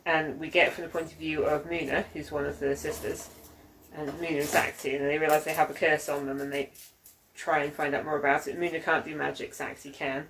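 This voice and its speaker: A woman's voice: low-pitched, level tone, brisk, a bit bright, a little hiss or hum, low-quality recording. Chatty rambling woman co-host. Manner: rambling, lots of fillers and restarts. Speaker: podcast co-host. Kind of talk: casual chat about books.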